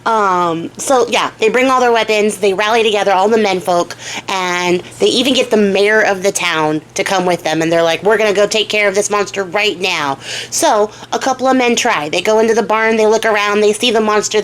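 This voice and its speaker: A woman's voice: mid-range voice, normal speed, a little hiss or hum. A young woman telling a fairy tale in a casual, slangy way, with swearing and side comments. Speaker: storyteller and craft vlogger. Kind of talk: casual storytelling.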